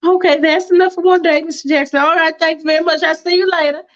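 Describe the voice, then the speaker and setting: A woman's voice: very high voice, fairly even intonation, quick pace, a bit bright, highs cut off, voice pushed up. Woman doing a bubbly, giggly churchgoing girl. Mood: firm. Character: cheerful churchgoing young woman, giggly and polite.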